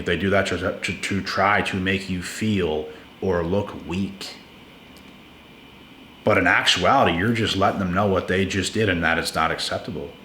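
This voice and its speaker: A man's voice: low voice, sharp tone, roomy sound, a little hiss or hum. A man giving blunt, emphatic relationship advice in a casual monologue to his viewers. He repeats words for stress and calls listeners "bro".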